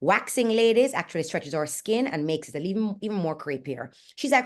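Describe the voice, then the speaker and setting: A woman's voice: mid-range voice, expressive, fairly quick, a little mellow. A Jamaican woman in her forties hosting a candid motivational talk, frank and earnest and speaking bluntly. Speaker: host and fitness coach.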